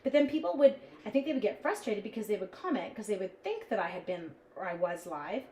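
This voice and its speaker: A woman's voice: mid-range voice, lively intonation, fast, darkish tone, echoey room, a little hiss or hum, rough recording. A woman hosting a casual live-stream craft demonstration from her home craft room, chatting with viewers in the chat as she works. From Canada.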